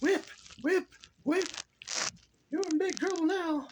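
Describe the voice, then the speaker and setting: A man voicing a shrill, cruel male taskmaster who mocks and bosses in a squealing tone. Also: takes it slowly, noisy background. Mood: mocking, shrill. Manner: squealing, mocking, bossy.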